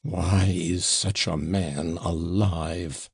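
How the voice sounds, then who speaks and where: A man's voice: on the low side, lively intonation, unhurried, gravelly, husky, dry recording, clean studio sound, full character voice. A man playing a bitter, furious young man. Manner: soft controlled voice turning to a hollow growl.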